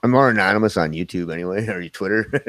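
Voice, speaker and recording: A man's voice: sits low, quick pace, fairly bright tone, dry recording. A man hosting a live stream chat, laid-back and laughing often over a video call. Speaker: host. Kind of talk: casual chat.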